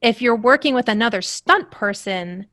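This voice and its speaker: Animated actress telling set stories. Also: female voice, a little high, moderate pace, no echo, clean studio sound. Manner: animated storyteller, laughs while telling anecdotes. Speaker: actress guest. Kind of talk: casual interview chat.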